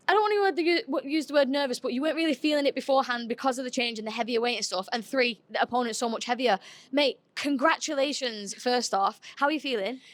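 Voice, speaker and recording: A woman hosting a post-fight interview, excitable and chatty with lots of fillers. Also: high voice, no echo.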